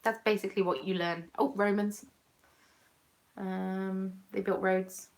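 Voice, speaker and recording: A woman's voice: medium pitch, level tone, slow pace. Chatty Southern English woman. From southern England. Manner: chatty and self-mocking, answers viewers' comments aloud. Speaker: craft vlogger. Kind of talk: casual chat while knitting.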